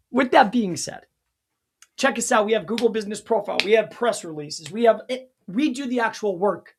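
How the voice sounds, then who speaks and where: A man hosting a loose live teaching stream, jumping from point to point with bursts of excitement and laughter at his own jokes. His voice is husky and sounds worn and strained. He talks straight to his viewers in a casual, unscripted way. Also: high-pitched, fairly quick. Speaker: local SEO consultant and livestream host.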